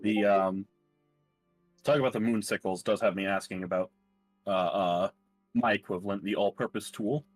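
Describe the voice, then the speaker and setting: A man's voice: on the low side, steady tone, normal speed, long pauses, no room sound, soft background music, low-quality recording. An easygoing man chatting as a player at a tabletop game, explaining his character's rules. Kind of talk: casual chat at a tabletop game.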